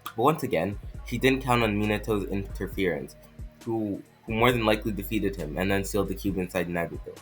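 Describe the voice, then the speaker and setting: A man voicing a sharp, blunt young female ninja with a put-on French accent, reading haltingly. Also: on the low side, faint music behind, close to an everyday voice, poor audio. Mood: urgent. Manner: stumbling, halting reading with restarts.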